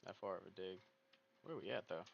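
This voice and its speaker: A gaming video host with a low, creaky voice talks quickly, thinking aloud over casual gameplay, rambling and poking fun at himself. The recording comes from a dull lo-fi mic with faint noise.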